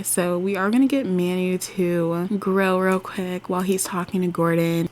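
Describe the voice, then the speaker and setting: Young woman, slightly low voice, chatty gameplay vlogger who voices the characters in quick asides. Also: darkish tone. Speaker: YouTuber narrating a life-sim game. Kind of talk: casual gameplay narration.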